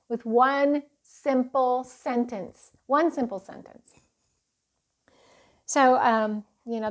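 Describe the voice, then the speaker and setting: A woman teaching parents in a casual, chatty way, telling stories with a laugh and speaking of faith. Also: medium pitch.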